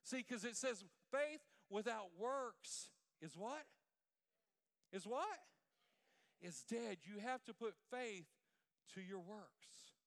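A man's voice: high-pitched, expressive, takes it slowly, in a large hall. A middle-aged man preaching a sermon as pastor, asking the congregation questions and waiting for the answer. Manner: preaching with call-and-response questions.

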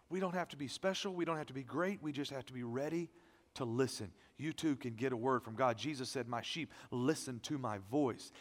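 Man preaching in an echoing hall. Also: mid-range voice. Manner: emphatic preaching, swinging from loud to hushed. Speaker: pastor. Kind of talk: sermon. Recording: long reverb of a large hall.

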